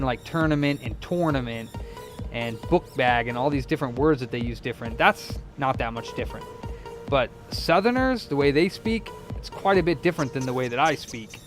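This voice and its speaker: Rambling American man chatting while he works. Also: fairly high pitch. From United States. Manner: rambling, heavy use of "like" fillers. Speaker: electronics repair streamer. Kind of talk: casual live-stream chat while soldering.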